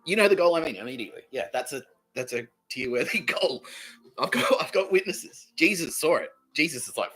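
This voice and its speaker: A man's voice: mid-range voice, sing-song, a little fast, bright, forceful tone, soft background music, poor audio. A man with an Australian accent hosting a solo comedy podcast, rambling in a profane, boastful way and laughing at his own jokes. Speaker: podcast host.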